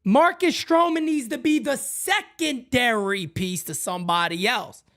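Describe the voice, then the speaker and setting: A man hosting a baseball fan show, emphatic, swinging between shouts and low mutters. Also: measured pace. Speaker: fan channel host.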